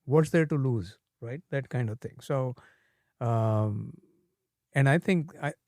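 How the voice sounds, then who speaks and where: A man's voice: medium pitch, a little mellow, no room sound, studio quality. An older man with an Indian accent from India, a father talking reflectively in a casual interview. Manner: reflective, plainspoken, pausing with fillers. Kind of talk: casual conversation.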